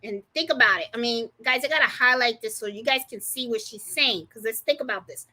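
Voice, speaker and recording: Bright, high-voiced woman chatting on a livestream. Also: a little fast. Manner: chatty, laughs often, greets viewers by name. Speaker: livestream host. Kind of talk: casual live-stream chat.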